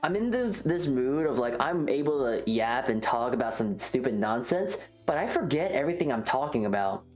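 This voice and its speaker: A woman's voice: a bass voice, sing-song, normal speed, few pauses, a little mellow, faint music behind. A woman streamer chatting casually and rambling, joking at her own expense while reacting to chat. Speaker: livestreamer. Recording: roomy echo.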